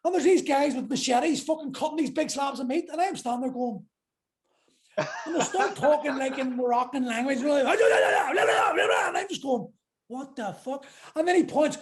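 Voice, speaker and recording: An Irish man tells rowdy stories on a podcast, animated, laughing easily, swearing often. His voice sits high for a man. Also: moderate pace. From Ireland. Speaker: podcast guest, MMA fighter. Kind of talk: casual storytelling.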